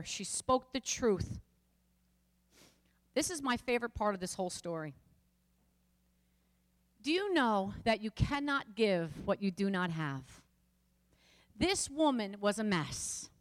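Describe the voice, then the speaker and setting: A woman's voice: a little high, long reverb tail. A woman pastor preaching a passionate sermon, speaking straight to her listeners with rising and falling emphasis.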